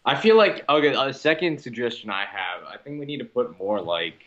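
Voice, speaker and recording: A man's voice: mid-range voice, expressive, fairly quick, a bit bright, roomy sound. Crude young man over lo-fi call. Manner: crude, laughing banter with swearing. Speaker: co-host. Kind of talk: casual talk-show chat.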